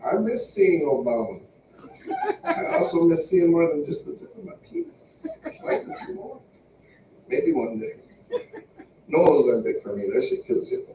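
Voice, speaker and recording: A man's voice: a little high, wildly swooping pitch, moderate pace, long pauses, roomy sound, far from the mic, a little hiss or hum, poor audio. A man doing a loose, crude stand-up set and riffing on the crowd. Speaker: stand-up comic. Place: small comedy venue.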